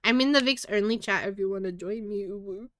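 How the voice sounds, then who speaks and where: A woman's voice: mid-range voice, fast talker, no room sound, studio quality. A giggly, hyper Australian woman rambling in casual live-stream chat as a streamer.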